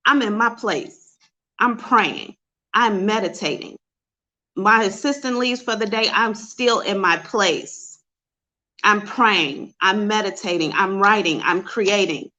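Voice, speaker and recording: A woman's voice: mid-range voice, takes it slowly, pushed and bright. A woman psychic host giving an emotional, confessional talk to her livestream viewers over a webcam.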